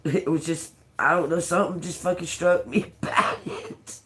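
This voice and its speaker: A woman's voice: fairly low pitch, steady tone, normal speed, background noise. A woman tarot reader chatting casually to her viewers, laughing through her words, cursing freely and calling them y'all.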